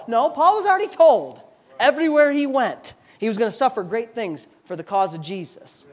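Guy preaching, really high voice, emphatic, keeps hammering his points. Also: lively intonation, fairly quick. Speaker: pastor. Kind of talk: sermon.

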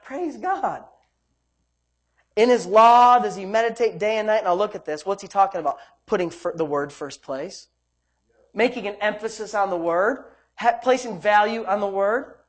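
A man's voice: high voice, normal speed. Fervent preaching man. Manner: fervent, exclaiming praise and hallelujahs. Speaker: pastor. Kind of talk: sermon.

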